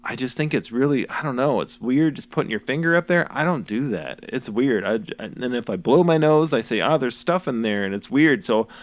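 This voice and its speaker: A man's voice: medium pitch, expressive, fairly quick, hardly any pauses. A young man musician rambling goofily through his own album commentary, joking at himself with lots of fillers. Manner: goofy, self-mocking, many fillers.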